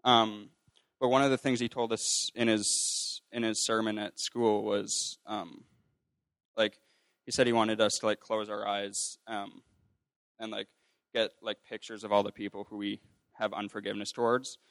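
A man's voice: on the low side, level tone, moderate pace, fairly bright tone, no room sound. A young man casually sharing a personal faith story, rambling with lots of fillers and restarts and acting out what others said. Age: young adult. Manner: acts out quoted voices. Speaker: ministry student sharing a testimony.

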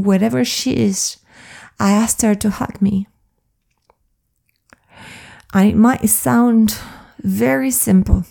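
A woman flow coach speaking in an earnest, confiding, soft-spoken personal monologue. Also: mid-range voice, gravelly.

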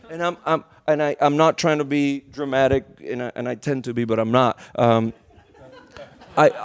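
A male preacher telling a story in a sermon, animated and emotional, often restarting his words. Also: medium pitch.

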